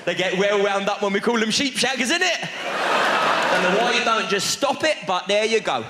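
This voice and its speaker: A London comedian does stand-up crowd work in a large theatre, bantering brashly and mock-welcomingly with the audience. His voice sits high with lively intonation at a normal speed. The big echoey hall is very noisy, full of a loud crowd and laughter.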